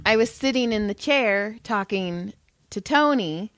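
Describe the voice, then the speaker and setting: A woman's voice: medium pitch, expressive, measured pace, background noise. A woman co-hosting a podcast, telling a story in casual chat and swearing freely. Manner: chatty, swears freely, acts out quotes. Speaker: podcast co-host.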